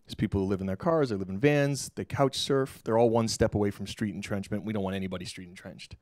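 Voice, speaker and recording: Keynote speaker, middle-aged man, low voice, animated storyteller, dry close sound. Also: fast, dry recording. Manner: animated, acts out quoted dialogue, casual slang. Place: lecture hall stage.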